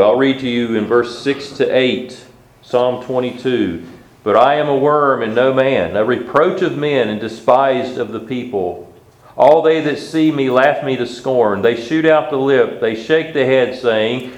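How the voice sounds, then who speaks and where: A man preaching a sermon, reading scripture aloud slowly and measuredly between his own remarks. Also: medium pitch, darkish tone. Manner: reads scripture aloud in old-style wording, slow and measured. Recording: echoey room.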